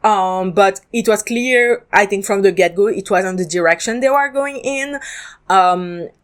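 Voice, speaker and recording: Woman, solo podcast host, casual review, candid, chatty, ums and restarts, mid pitch. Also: unhurried.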